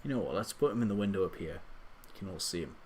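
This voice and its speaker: Late at night, a man with a deep voice, lively intonation and fast delivery live streams from his home computer through a desktop USB microphone. He rambles self-deprecatingly, often restarting hesitantly.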